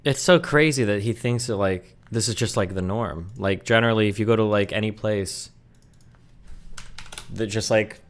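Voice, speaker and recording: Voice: mid-range voice, normal speed. A streamer giving casual, sarcastic and profane commentary while reacting to a video. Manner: sarcastic and profane, mocking what is played.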